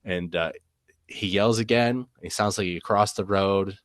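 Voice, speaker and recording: Male guest, very low voice, dry close sound, rambling storyteller. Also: measured pace, no echo. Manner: rambling, many fillers and "and stuff". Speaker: guest telling an encounter story. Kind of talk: casual storytelling.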